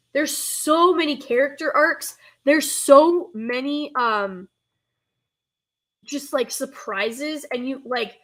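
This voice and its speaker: Her high-pitched, somewhat bright voice carries a Northern US accent as she hosts a laid-back nostalgia stream. The young woman rambles, chats with viewers, reads out chat, and interrupts herself.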